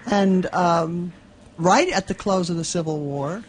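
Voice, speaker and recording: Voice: mid-range voice, measured pace, a little hiss or hum. An interviewer on a radio show asking questions and giving frequent encouraging murmurs.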